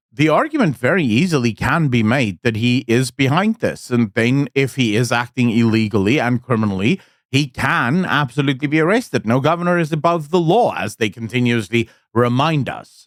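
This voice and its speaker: A man's voice: fairly high pitch, no room sound, studio quality. A man hosting a political commentary monologue, blunt and emphatic with sarcastic asides.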